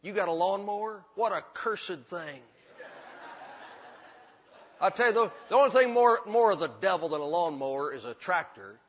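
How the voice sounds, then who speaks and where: A man's voice: sits high, lively intonation, moderate pace, long pauses, fairly bright tone. A male pastor, preaching a sermon in a folksy, emphatic way, with repetition and humor. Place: church sanctuary. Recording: dull hall recording with long reverb.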